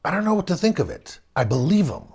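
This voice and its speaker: Animated husky man telling a spooky story. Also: sits high, fast. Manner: animated, swings between loud bursts and hushed tones. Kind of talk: personal ghost story told aloud.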